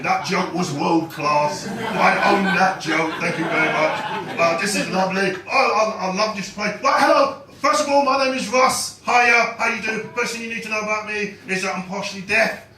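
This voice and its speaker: A man's voice: high-pitched, distant mic. A man doing a stand-up comedy set, chatting and bantering with the crowd. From London. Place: comedy club stage. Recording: roomy live club sound with crowd. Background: audience laughing and clapping.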